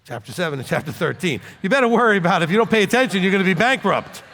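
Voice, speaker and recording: A male rabbi preaching in a blunt, chatty way, often checking in with his listeners. His voice sits high and swings widely up and down. It carries a long reverb, as if from a hall. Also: expressive, very fast, a bit bright, slight background noise. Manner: blunt, conversational, jokes and asks "okay?" often. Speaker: rabbi teaching scripture. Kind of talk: informal sermon teaching.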